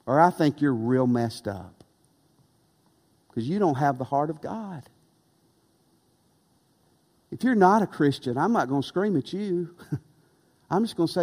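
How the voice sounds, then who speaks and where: A man preaching a sermon as pastor, earnest and emphatic, with dramatic pauses. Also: a little high, lively intonation, darkish tone. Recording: long reverb of a large hall.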